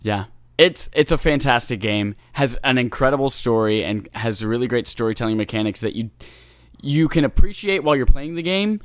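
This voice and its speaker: Male podcast co-host, middle pitch, enthusiastic and teasing, dry close sound. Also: animated, a little fast, clean tone, dry recording. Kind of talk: casual gaming podcast chat.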